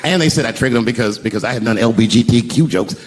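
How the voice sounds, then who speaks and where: A middle-aged man doing stand-up storytelling on stage, shouting some punchlines high. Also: fast talker. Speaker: stand-up comedian. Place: stage before a live audience. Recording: noisy live stand-up room. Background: audience laughter.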